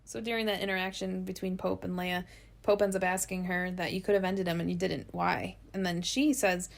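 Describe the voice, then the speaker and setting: A woman's voice: lowish voice, flat delivery, a little fast, creaky. Woman co-host recapping a show. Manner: recaps scenes, reads out dialogue, laughs often. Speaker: podcast co-host. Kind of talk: casual episode recap chat.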